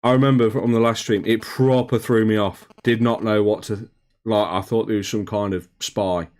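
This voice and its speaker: A man's voice: fairly low pitch, steady tone, normal speed, a little mellow. A man chatting casually on a live hobby stream, greeting viewers by name, calling them mate and swearing now and then. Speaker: streamer reading chat. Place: home hobby room.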